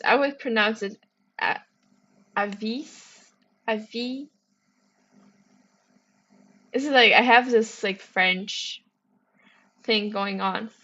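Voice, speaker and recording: A woman hosts a casual livestream, thinking aloud in a playful, chatty way. Her voice is bright and slightly high, and she speaks slowly, taking her time. The sound is a little dull and lo-fi. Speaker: livestream host solving puzzles.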